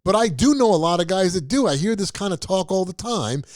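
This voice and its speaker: Man, show host, ranting commentary, profane, scoffing, lively swinging pitch, dry close sound. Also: fairly quick, dry recording.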